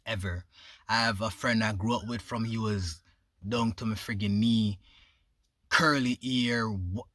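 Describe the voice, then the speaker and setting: A man's voice: lowish voice, fairly even intonation, a little slow, fairly bright tone, dry recording, clean studio sound. A young man from Jamaica, raised partly in New York, talking casually to camera. He has a Jamaican accent and slips into patois. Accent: Jamaican, some patois. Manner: loose and conversational, drops into patois with "you see me?" tags. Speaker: vlogger.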